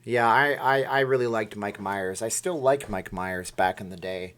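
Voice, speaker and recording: A man's voice: lowish voice, moderate pace, fairly bright tone. Rambling man hosting a live stream. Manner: rambling, reads viewer comments aloud and answers them. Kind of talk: casual live stream chat.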